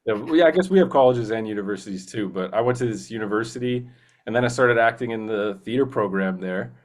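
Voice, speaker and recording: A man's voice: lowish voice, fast. A young man, a voice actor talking earnestly in a casual interview, rambling with many restarts. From Canada. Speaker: guest voice actor.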